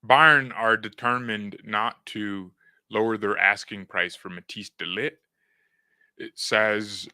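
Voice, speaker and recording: A man's voice: fairly low pitch, pushed and bright, no room sound. Slangy young man streaming to chat. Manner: joking, slangy, talks to chat, reads news aloud. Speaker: fan channel streamer. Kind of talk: casual live-stream commentary.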